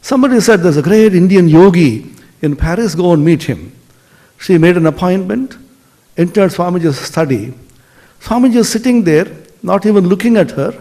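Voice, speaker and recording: A man giving a spiritual lecture, telling stories expressively and dropping to soft tones for emphasis. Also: high voice, lively intonation, moderate pace.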